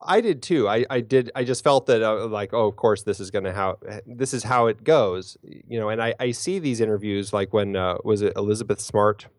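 A man co-hosting a film podcast, casual and hesitant, often restarting his sentences. His voice is fairly low, and it is recorded close and dry with no room sound. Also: moderate pace, few pauses, no room sound. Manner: hesitant, many fillers and restarts. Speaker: podcast co-host.

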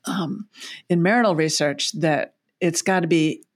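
A woman's voice: lowish voice, a little slow, no room sound, studio quality. A woman child psychologist, a guest on a podcast interview, who explains things through homely analogies and chuckles often.

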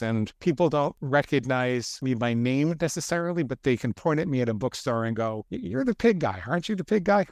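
A man in his fifties, a guest author, telling his story in a brisk, self-deprecating way. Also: medium pitch, clean tone, no echo, clean studio sound. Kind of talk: storytelling interview talk.

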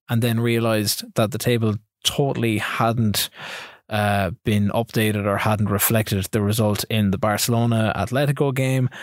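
A man's voice: on the low side, steady tone, no room sound, clean studio sound. Man recapping video game matches. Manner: recaps matches in quick rambling bursts. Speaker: podcast co-host. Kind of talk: casual gaming podcast chat. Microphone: studio mic.

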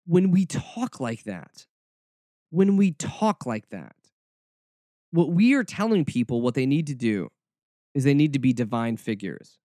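A man's voice: mid-range voice, unhurried, pauses often, no room sound, clean studio sound. Snarky rambling male podcast host. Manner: snarky, rambling, animated with frequent restarts. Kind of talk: casual monologue.

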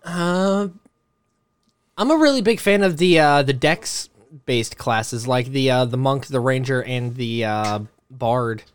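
A man's voice: medium pitch, lively intonation, takes it slowly, clear, resonant tone. A man hosting a podcast, chatting casually with friends, laughing often and swearing freely. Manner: laughing, swearing, easygoing banter. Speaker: podcast host. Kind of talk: casual chat.

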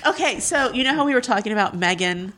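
A woman co-hosting a podcast, chatting about celebrity gossip in a playful, expressive way. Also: on the high side, fast talker. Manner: expressive, playful, laughs often. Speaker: podcast co-host. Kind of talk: casual celebrity gossip chat.

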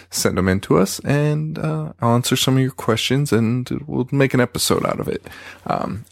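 Male podcast host, low and gravelly, casual half-quiet rambling, dry close mic. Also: no room sound. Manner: rambling, self-deprecating, quick with fillers. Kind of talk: casual solo podcast chat.

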